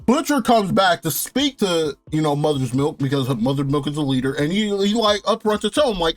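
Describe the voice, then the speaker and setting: A young man with a high, bright speaking voice, rattling off a casual, profane TV recap. He laughs often and gets worked up as he talks. The sound is dry and close, with faint music underneath. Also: big pitch swings, brisk, hardly any pauses, no room sound. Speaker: TV show reviewer. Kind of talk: casual review rant.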